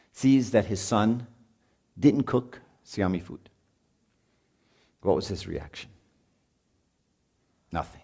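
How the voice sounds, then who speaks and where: A middle-aged man preaching at a marriage retreat in a conversational, animated way, acting out quotes from home life. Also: lowish voice. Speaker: priest.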